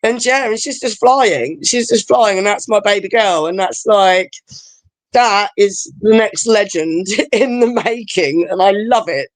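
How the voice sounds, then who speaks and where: A woman's voice: mid-range voice, no echo. A woman, chatting over a video call as a guest, rambling and emotional with many fillers.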